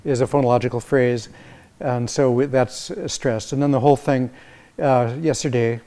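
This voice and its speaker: A man, a visiting music professor, giving an academic lecture and explaining ideas as he thinks them through, with many halting restarts. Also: medium pitch, fairly even intonation, warm tone. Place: lecture hall.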